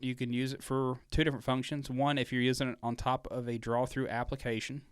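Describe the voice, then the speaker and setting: A man's voice: mid-range voice, a bit bright, clear, resonant tone, no echo, studio quality. A man co-hosting a casual question-and-answer show, walking through technical setup in a loose, joking way with plenty of fillers. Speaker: co-host answering viewer questions. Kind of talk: casual tech Q&A chat.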